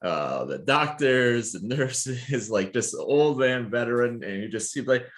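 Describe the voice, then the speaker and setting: A man's voice: medium pitch, expressive, a little slow. A man, a physical therapist co-hosting a podcast, telling stories casually with lots of fillers and laughter. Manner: laughs a lot, rambling with many fillers.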